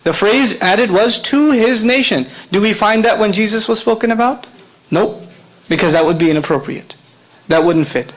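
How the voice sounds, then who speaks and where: A man's voice: sits high, moderate pace, rough recording. A man giving a conversational lecture to a live convention audience, joking and quizzing the listeners. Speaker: convention speaker.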